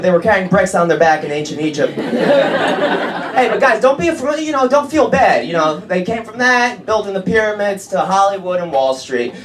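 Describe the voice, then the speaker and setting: Brash, profane stand-up comic in a club. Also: male voice, high-pitched. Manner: brash, profane, punchy delivery. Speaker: stand-up comedian. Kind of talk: stand-up comedy set. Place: comedy club stage. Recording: echoey comedy club with laughing crowd.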